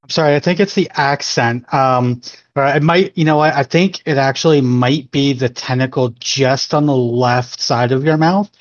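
A man voicing his character in a tabletop game with sarcastic quips. His mid-pitched voice comes through a slightly dull, dry recording. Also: normal speed, few pauses, no room sound. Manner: joking, sarcastic. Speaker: player.

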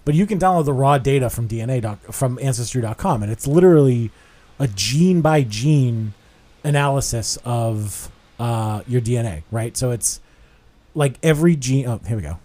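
Young guy podcast host, animated storyteller, swears a lot, goes loud doing quotes. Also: medium pitch, normal speed. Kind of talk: casual podcast chat.

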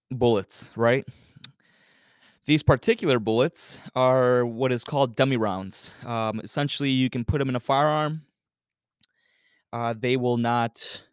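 Guy rambling thru a story on his podcast, lots of you-knows and swearing, smooth voice, mid pitch. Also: no echo, clean studio sound. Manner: loose, profane, filler-heavy with many "you know"s. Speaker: podcast host. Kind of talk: casual storytelling monologue.

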